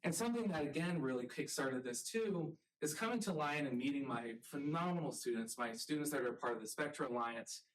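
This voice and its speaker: A man from the rural American South giving a public lecture as a college art professor, earnest and halting, with frequent ums. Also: fairly high pitch, expressive, recorded from a distance, rough recording.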